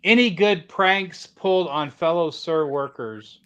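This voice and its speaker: A man's voice: fairly high pitch, measured pace, a bit bright, smooth. A man hosting a casual livestream, reading viewer comments and telling rambling shop stories. He acts out quoted lines and often trails off while searching for words. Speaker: livestream host.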